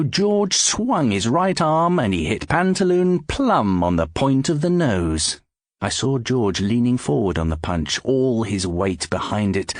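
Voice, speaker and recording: A man narrating an audiobook in scripted, expressive storytelling, close to the mic. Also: medium pitch, no room sound.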